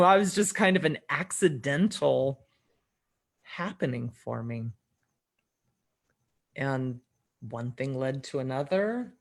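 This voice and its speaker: In a low-pitched voice, a middle-aged woman guesting on a podcast relates a personal story conversationally. She dramatizes the dialogue by often altering her voice for quotes and laughs from time to time.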